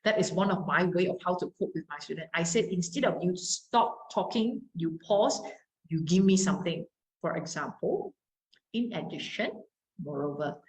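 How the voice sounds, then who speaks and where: A woman's voice: fairly low pitch, normal speed, low-quality recording. A young Malaysian woman with a Malaysian English accent, teaching an exam-prep class, modelling pronunciation and dropping into Mandarin to explain.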